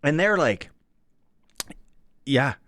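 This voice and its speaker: A Canadian man co-hosting a sports radio show, telling stories in a casual and animated way and acting out the people he quotes. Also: mid-range voice, very slow, dry recording, clean studio sound. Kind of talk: casual chat, storytelling.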